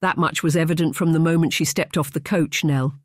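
A man's voice: fairly high pitch, fairly even intonation, brisk, no room sound, clean studio sound, close to an everyday voice. A narrator voicing a tired, troubled nobleman in his thirties who speaks in a tense, clipped way. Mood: weary. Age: 30s.

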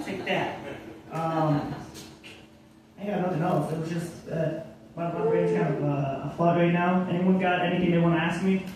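Young male open-mic comic, halting, self-mocking, mellow voice, echoey distant bar sound. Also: high-pitched, flat delivery. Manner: halting, full of ums, self-deprecating. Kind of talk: stand-up comedy. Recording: echoey room, far from mic, faint noise.

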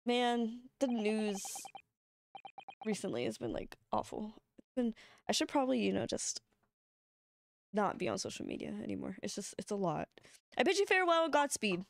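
A woman's voice: medium pitch, moderate pace, vocal fry, pauses often, darkish tone. A young woman streamer chatting casually through a let's-play, swearing and laughing often. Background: faint game music.

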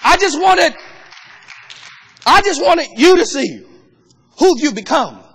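A man preaching who voices God as a commanding male voice from on high, with booming, emphatic pronouncements. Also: big pitch swings, slow pace, fairly bright tone, heavily acted.

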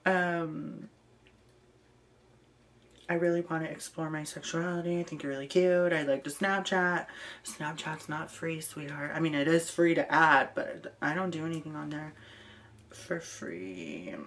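A woman with a low-pitched voice and an unhurried pace reads messages aloud in a casual vlog. She answers them with dry, amused asides, breaking off into ums and quiet laughs. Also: a little hiss or hum. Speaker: vlogger.

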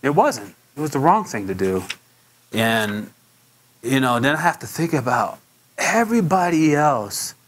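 A man preaching in an easy, conversational way, his voice at an ordinary middle pitch. He tells stories, stumbles and repeats himself now and then, and his voice leaps far higher when he acts out what people said. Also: fairly bright tone, a little hiss or hum. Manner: leaps much higher when acting out quotes. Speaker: pastor. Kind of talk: sermon.

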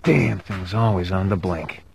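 An actor playing a grumbling, hard-bitten male detective in a 1990s game, talking to himself in gruff inner monologue. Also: deep voice, unhurried. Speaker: game protagonist.

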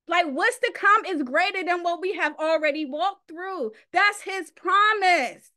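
A woman's voice: extremely high pitch, a little slow, few pauses, sharp tone. A woman leading a faith panel, speaking fervently in a preacherly way and often saying "like". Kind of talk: faith-based panel talk. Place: event stage.

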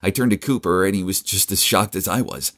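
Male narrator for an animated first-person drama, very low and conversational. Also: fairly quick.

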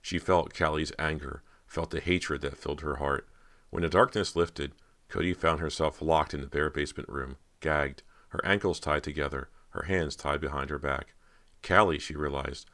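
Very deep-voiced male horror narrator. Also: fairly bright tone. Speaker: audiobook narrator. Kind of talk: scripted narration of a horror novel.

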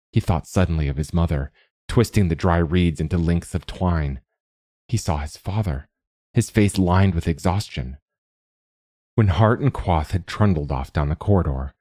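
A man narrating a literary short story as host, in a measured, even storytelling manner. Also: low voice, dry recording, clean studio sound. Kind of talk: scripted fiction narration.

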